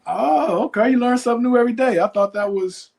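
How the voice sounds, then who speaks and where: A man hosting a podcast, asking quick this-or-that questions in a relaxed, casual way and filling pauses with "okay.". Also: extremely high pitch, creaky. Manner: relaxed, quizzing, says okay a lot. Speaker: podcast host.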